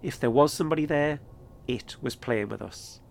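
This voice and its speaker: A man telling a first-person ghost-hunting story as podcast host, in a measured, steady delivery. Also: medium pitch, vocal fry.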